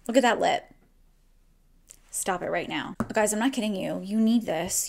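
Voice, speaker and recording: A woman's voice: mid-range voice, normal speed, creaky, pauses often, darkish tone. A young woman from New Jersey chatting casually through a makeup tutorial at home, gushing and swearing casually. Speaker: beauty vlogger. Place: at home, indoors.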